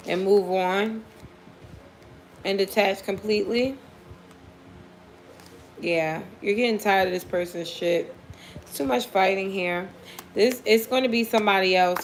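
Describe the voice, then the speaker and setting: A woman's voice: mid-range voice, slight background noise. A woman giving a casual live tarot reading for viewers, blunt and profane, often laughing as she talks. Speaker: tarot reader.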